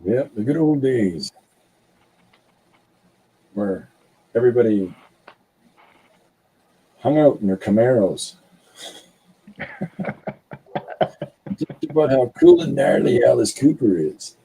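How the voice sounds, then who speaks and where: Male co-host, deep voice with audible scratch, dark and husky, relaxed joking chat. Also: slow pace, long pauses, poor audio. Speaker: podcast co-host. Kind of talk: casual chat while drawing.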